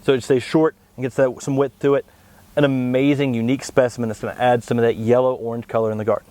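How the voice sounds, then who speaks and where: A man co-hosting a plant show, explaining tree varieties in a steady, knowledgeable way. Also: medium pitch, quick pace. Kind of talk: informative product talk.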